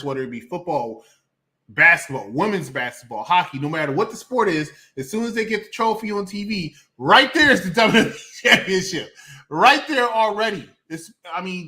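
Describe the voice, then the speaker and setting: A man's voice: high-pitched, sharp tone. A man co-hosting a wrestling podcast, talking in an emphatic, ranting way with bursts of laughter. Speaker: podcast co-host. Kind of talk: casual wrestling chat.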